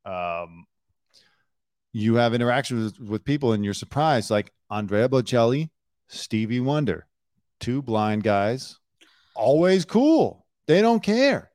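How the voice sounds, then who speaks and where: A man's voice: mid-range voice, expressive, takes it slowly, darkish tone, no echo, clean studio sound. Sarcastic man hosting a news chat. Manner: sarcastic, breaks into mocking impressions. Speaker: podcast host, former celebrity news producer. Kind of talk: casual chat.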